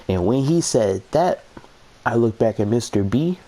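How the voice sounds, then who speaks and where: A man's voice: mid-range voice, expressive, unhurried, over music. A man telling a dramatic, joking story as a storytime vlogger. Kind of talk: animated storytime narration.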